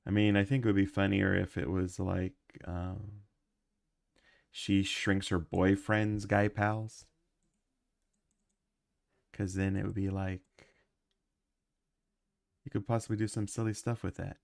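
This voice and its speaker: A man's voice: low voice, flat delivery, slow, creaky, long pauses, no room sound, clean studio sound. A man who is sick with a cough, chatting casually while he livestreams his animation work and rambling with lots of ums and uhs.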